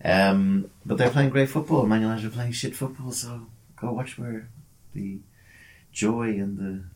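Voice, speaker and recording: A man's voice: fairly low pitch, a little slow, a little mellow. Rambling, jokey man co-hosting a podcast. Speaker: podcast co-host. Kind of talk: casual banter over drinks.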